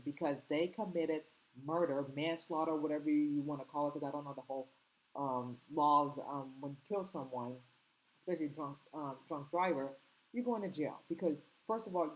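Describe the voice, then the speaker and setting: A woman's voice: sits low, a little fast, husky, rough recording. A woman with a slight foreign accent hosting her own commentary channel, talking earnestly and rambling with many ums and restarts. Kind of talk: casual opinion commentary.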